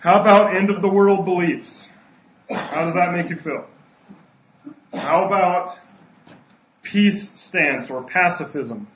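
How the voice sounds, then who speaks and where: A fairly high-voiced man preaching to his church as pastor, relaxed and conversational, teasing his listeners now and then. His voice rings through an echoey sanctuary. The recording is dull and a little muffled, with faint room noise underneath. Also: takes it slowly, long pauses. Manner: conversational, joking with congregation. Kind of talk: sermon.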